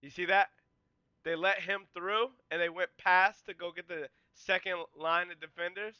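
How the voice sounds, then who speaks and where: A man hosting a podcast, casually breaking down game film and walking through each play in a relaxed, conversational way. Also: high voice, moderate pace, clear, resonant tone, dry recording, dull audio. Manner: excitable, yells and cheers at big plays; explains plays in a relaxed, conversational way.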